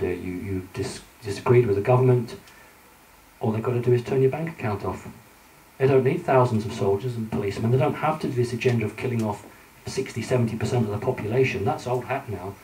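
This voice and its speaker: A man with a lowish, dark-toned voice gives a slide talk to a live audience, addressing them directly and conversationally with frequent ums and restarts. His voice comes from a distance in a roomy hall.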